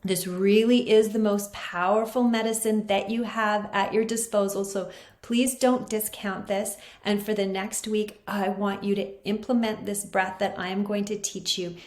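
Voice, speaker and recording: A woman's voice: medium pitch, steady tone, normal speed, a little mellow. A woman naturopathic doctor giving an earnest, emphatic teaching talk and repeating her key points. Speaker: naturopathic doctor hosting a skin health show. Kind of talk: teaching monologue. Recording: roomy echo.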